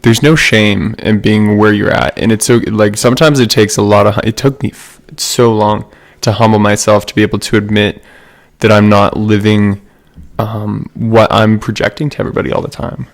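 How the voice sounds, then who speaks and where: Young man, low gravelly voice, earnest casual podcast talk. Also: level tone, moderate pace. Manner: short agreeing replies, then earnest. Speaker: podcast co-host. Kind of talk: casual reflective chat.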